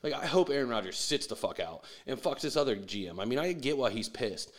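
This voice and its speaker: Man, mid pitch, foul-mouthed sarcastic sports ranter. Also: expressive, brisk. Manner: profane, ranting, sarcastic, mocking impressions. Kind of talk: profane sports rant.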